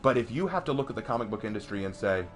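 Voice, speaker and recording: Animated man ranting on a stream. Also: rapid-fire, faint music behind. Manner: animated, emphatic, voice jumps high in outbursts. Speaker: streamer and commentator. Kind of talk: heated casual ranting on stream.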